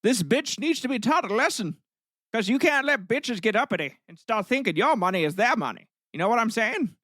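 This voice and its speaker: A pompous, foul-mouthed old-timey farmer, as a man acts him out, stiffly formal one moment and coarse the next. The voice is pitched well above the speaker's usual and recorded close and dry. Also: lively intonation, a little fast, a bit bright, no echo. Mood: blustering. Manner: mock-formal, then vulgar and blustering.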